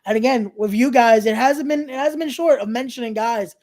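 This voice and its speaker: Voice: medium pitch, fairly quick, a little mellow. A podcast host from New York interviews a guest in a loose, rambling way. The host keeps circling back to promote an upcoming show and laughs often.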